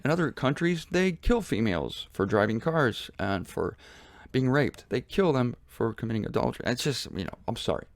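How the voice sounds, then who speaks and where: A man hosting his own show, giving a casual commentary from a laundry room in an animated, mocking way, swinging from low mutters to high exclamations. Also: normal speed, dry recording, clean studio sound. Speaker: Bible teacher and show host. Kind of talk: casual self-filmed commentary.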